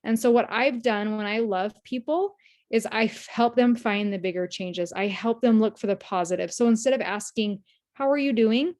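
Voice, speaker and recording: A woman's voice: mid-range voice, fairly even intonation, moderate pace, a little mellow. Woman leading a team call, earnest and chatty, tells stories and quotes people a lot. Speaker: team leader on a sales team call. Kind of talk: casual motivational talk. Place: video call.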